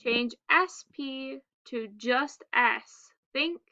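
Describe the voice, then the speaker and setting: A woman with a high, bright and smooth voice leads a phonics lesson for young children. She speaks slowly and enunciates each word with care. The recording is a little dull, like a lo-fi home setup. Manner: slow, deliberate, clearly enunciated word prompts. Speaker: teacher.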